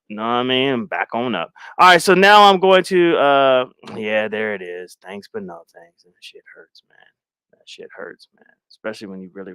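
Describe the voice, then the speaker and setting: A man's voice: a little high, fairly bright tone, smooth, dry recording. A man hosting a live stream in casual chat, rambling and self-mocking, often repeating his phrases. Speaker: livestream host.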